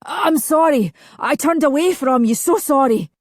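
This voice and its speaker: A woman voicing an anguished young man in a nightmare who pleads in desperate shouts. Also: high voice, expressive, unhurried, dry recording, studio quality, voice pushed up. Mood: remorseful.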